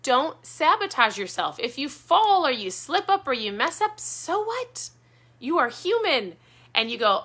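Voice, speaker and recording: A woman's voice: high-pitched, sing-song, measured pace, fairly bright tone. A woman vlogger giving viewers an earnest, encouraging motivational talk, repeating her key points. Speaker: keto vlogger.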